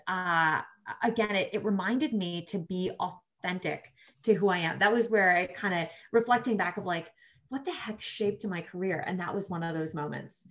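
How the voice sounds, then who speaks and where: A woman guest on a podcast telling career stories in casual chat, animated and peppered with "like". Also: medium pitch. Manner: animated storyteller, acts out quoted voices, frequent "like". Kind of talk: casual interview storytelling.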